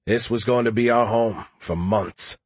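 Low husky guy narrating an audiobook, wry, real dry close sound. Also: measured pace, a little mellow, no echo. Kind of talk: first-person audiobook narration.

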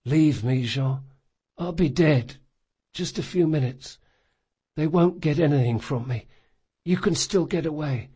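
A man's voice: a little slow, pauses often, dark tone, husky. A man voicing a wounded young male thief who is dying, speaking weakly and breathlessly. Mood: pleading. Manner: weak, breathless, raised pitch.

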